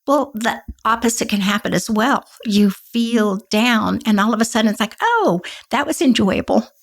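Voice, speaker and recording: A middle-aged woman co-hosting a podcast, talking gently and reassuringly about grief and guilt. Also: mid-range voice, fairly even intonation, moderate pace. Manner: gentle, reassuring, acts out inner thoughts. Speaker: podcast co-host. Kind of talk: conversational advice talk.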